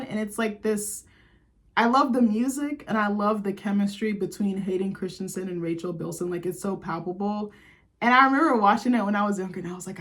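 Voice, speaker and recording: A young woman vlogger, chatting in a gushing, chatty way and full of "like". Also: mid-range voice. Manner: gushing, chatty, lots of "like", laughs. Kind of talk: casual chat to camera.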